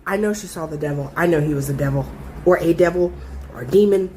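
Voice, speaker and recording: A young adult woman telling a story in a casual, animated way, full of swearing and emphasis. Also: sits low, fast talker, a little hiss or hum.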